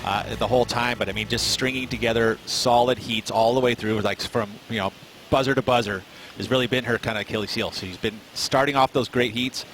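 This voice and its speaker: Rapid-fire male surf analyst. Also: medium pitch, steady tone, a bit bright, faint music behind, low-quality recording. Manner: analytical, many "I mean" and "kind of" fillers. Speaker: surf commentator, former big wave champion. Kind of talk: post-show sports commentary.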